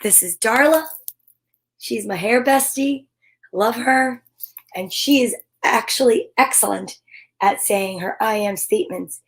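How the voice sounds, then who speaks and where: A woman hosting a children's story time, talking in an upbeat, gentle, affirming way. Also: fairly high pitch, measured pace, rough recording. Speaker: host reading children's books.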